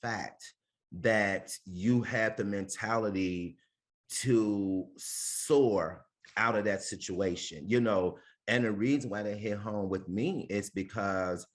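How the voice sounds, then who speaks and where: A man with a low, deep voice hosts a casual conversation. He affirms his guest and reflects on what she shared. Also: takes it slowly. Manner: warm, affirming, many short acknowledgements. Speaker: host. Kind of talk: casual interview.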